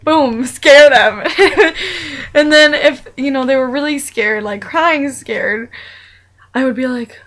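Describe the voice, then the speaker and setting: Chatty young woman, slightly high voice. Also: unhurried, fairly bright tone, rough recording. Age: young adult. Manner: rambling and chatty, with many fillers and restarts. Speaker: vlogger. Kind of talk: casual personal monologue.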